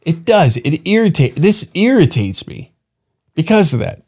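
A man from Canada hosts his own comedy podcast in a solo rant, swearing freely and getting heated as he goes. His voice sits a little higher than most men's. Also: sing-song, unhurried, a little mellow. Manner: profane, heated ranting. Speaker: podcast host and stand-up comic.

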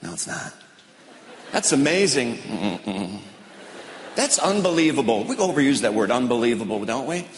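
A middle-aged man doing stand-up comedy on stage with a deadpan drawl, now and then slipping into mocking voices. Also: mid-range voice, normal speed, a little hiss or hum. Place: large hall on stage. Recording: roomy, long hall reverb, audience ambience.

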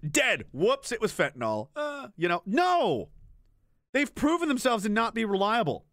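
A man's voice: sits high, big pitch swings, normal speed, background noise. A young adult man, streaming an unscripted rant about his time as a military veteran. He talks bluntly and swears a lot, often breaking off mid-sentence and starting again. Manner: blunt and profane, with frequent trailing restarts.

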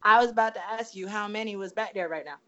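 A woman with a drawl banters playfully, laughing often and tossing in "y'all". Her pitch sits in the middle range for a woman. The sound is slightly dull and lo-fi. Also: fast, bright, forceful tone. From United States. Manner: playful, joking, laughs a lot, uses "y'all". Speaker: guest wrestler. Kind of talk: casual interview chat.

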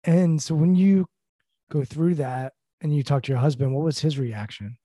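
A man's voice: fairly high pitch, moderate pace, dry recording, studio quality. A man hosting an interview, talking casually and sharing his own stories. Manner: casual, relaxed, shares anecdotes. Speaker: interviewer, host. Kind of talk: conversational interview.

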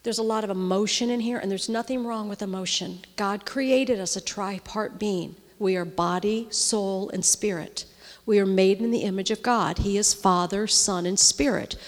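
A woman's voice: mid-range voice, moderate pace. A middle-aged woman preaching to a women's gathering, her voice carrying with a long reverb through a large hall. She talks conversationally and keeps checking in with her listeners. When she is moved she drops to a near-whisper. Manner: conversational, often checks in with the audience. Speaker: women's ministry speaker. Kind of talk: sermon.

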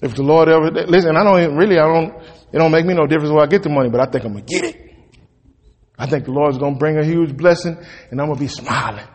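Man, pastor, sermon, folksy, emphatic, somewhat high voice, long church reverb. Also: fast talker. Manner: emphatic, folksy preaching with sudden loud peaks. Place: church sanctuary.

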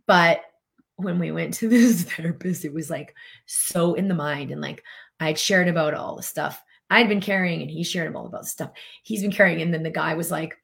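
A woman's voice: fairly low pitch, normal speed, gravelly. A middle-aged woman hosting a podcast, talking casually in a chatty, filler-heavy way while coaching viewers and reading their comments. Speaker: podcast host.

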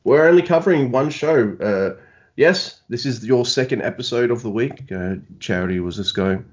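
A man's voice: mid-range voice, normal speed, dull audio. A man hosting a podcast in casual chat, laid-back and teasing. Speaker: podcast host.

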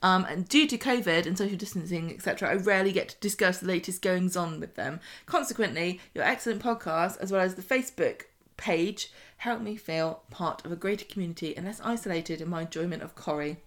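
A woman's voice: fairly low pitch, a little fast, fairly bright tone. A woman with an English accent co-hosting a casual podcast, reading listener emails aloud with a teasing manner. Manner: playful, teasing. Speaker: podcast co-host.

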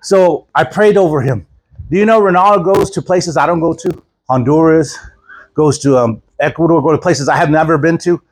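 A traveling preacher from Texas gives a casual sermon at a church gathering. His voice is fairly high and husky. He tells folksy stories and doubles back on his words as he goes. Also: moderate pace, rough recording. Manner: folksy storytelling, repeats words often. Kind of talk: informal sermon.

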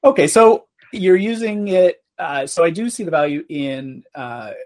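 A man's voice: a little high, animated, unhurried, a little mellow. A man hosting a podcast in casual chat, hesitant with many fillers. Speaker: podcast host.

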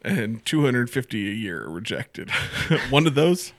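A man's voice: medium pitch, big pitch swings, unhurried, a bit bright, no echo, studio quality. A man hosting a casual chat, reading items off a list, laughing often and swearing casually.

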